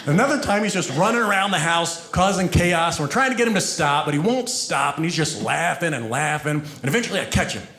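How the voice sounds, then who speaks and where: A man performing a stand-up comedy set, telling stories about his family in an animated way. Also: a little high, brisk, hardly any pauses, roomy sound, slight background noise. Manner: animated storytelling, acting out quotes.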